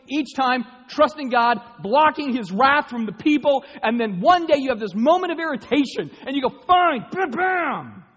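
Male pastor, high and animated, sermon in a reverberant hall. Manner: animated, rising to loud emphatic bursts.

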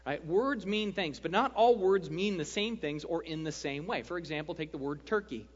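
A man preaching a sermon as pastor, animated and joking, often checking in with the congregation. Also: a little high, normal speed. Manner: animated, joking, keeps asking "right?". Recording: dull lo-fi sound, long hall reverb.

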